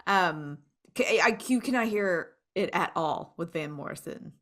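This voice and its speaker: A woman's voice: lowish voice, animated, unhurried, fairly bright tone. A woman co-hosting a podcast in a casual chat, talking freely and laughing often between sentences. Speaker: podcast co-host.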